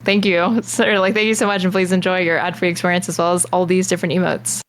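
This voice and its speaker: A woman's voice: fairly low pitch, level tone, fast, a little hiss or hum. A woman streamer reacting live to a debate video, with sardonic, dry commentary.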